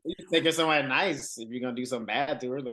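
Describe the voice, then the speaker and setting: A man co-hosts a casual podcast and talks quickly. He is blunt and profane and jokes a lot, and his voice sits at a middle pitch. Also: sharp tone. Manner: fast, blunt and profane, joking. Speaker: podcast co-host. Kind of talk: casual chat.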